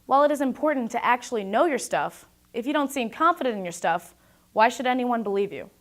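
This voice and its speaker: A young woman giving a scripted talk about presentation skills, speaking in a clear, projected and deliberate way. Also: a little high, animated.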